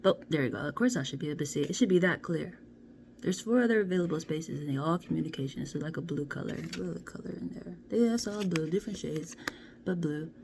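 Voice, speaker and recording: A woman doing a casual card reading to camera, chatty and playful, often dropping into soft half-whispers. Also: deep voice, fast, gravelly. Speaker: card reader. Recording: steady background noise.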